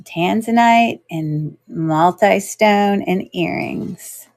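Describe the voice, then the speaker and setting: A young woman runs a live jewelry auction in a casual, rambling chat, full of fillers and quick self-corrections. Her voice sits at a middling pitch and sounds dry and close, with no room echo. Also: a little mellow.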